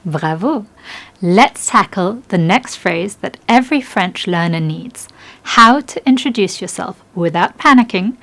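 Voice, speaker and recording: Upbeat woman teaching a language lesson. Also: mid-range voice. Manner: upbeat and encouraging, slows down for practice phrases. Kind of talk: scripted lesson narration.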